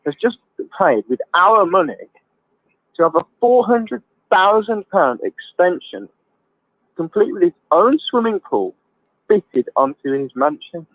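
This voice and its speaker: A man's voice: high voice, sing-song, measured pace, no echo. A male caller, chatting casually and ranting, calling the host mate and son. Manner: ranting, swears, calls people mate and son. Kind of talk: casual chat. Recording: tinny phone line.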